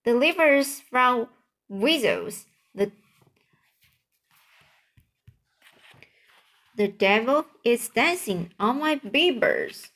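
A woman voicing a kindly, excitable male giant who mangles his grammar. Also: fairly high pitch, takes it slowly, full character voice. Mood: anguished. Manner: excited, stumbling, exclamatory.

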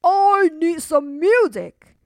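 A woman voicing an angry, shouting male giant in a children's storybook reading. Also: expressive, slow, dry recording, clean studio sound, exaggerated voice. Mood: angry roar. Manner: booming, shouting. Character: angry loud male giant who eats kids.

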